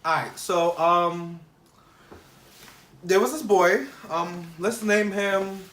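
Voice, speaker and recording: Animated young man telling a story. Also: high-pitched, takes it slowly. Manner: animated, quotes people in changed voices, many fillers. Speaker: vlogger. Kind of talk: casual storytime. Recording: echoey room with faint music.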